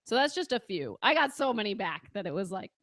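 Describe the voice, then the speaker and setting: A woman hosting a film podcast, reading listener quotes and steering the casual chat in a friendly, steady way. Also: medium pitch, fairly quick, no echo, studio quality. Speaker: podcast host.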